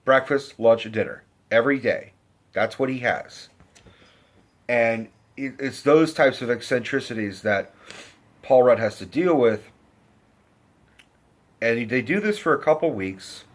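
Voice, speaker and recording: A man's voice: unhurried, pauses often. Profane man rambling through a film review. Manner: profane, animated retelling with pitched-up acted quotes; loose and rambling with restarts. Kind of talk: casual film review rant.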